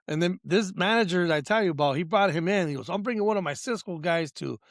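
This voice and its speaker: Casting note: male host, high gravelly voice, animated and cussing, dry sound. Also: quick pace, dry recording. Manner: animated, profane, laughing storyteller. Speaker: podcast host. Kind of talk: casual podcast storytelling.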